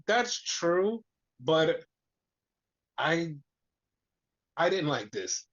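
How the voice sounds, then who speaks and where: Casual podcast co-host, animated and profane, recapping wrestling over a dull, lo-fi recording. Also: mid-range voice, very slow. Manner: animated, swears freely, acts out quotes.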